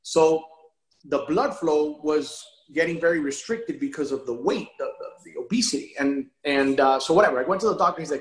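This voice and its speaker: Interview guest: animated man, slightly high voice, recorded in a roomy space. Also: fairly quick. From Miami area. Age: adult father of a young son. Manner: animated, emotional, repeats words when restarting. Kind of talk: casual interview storytelling.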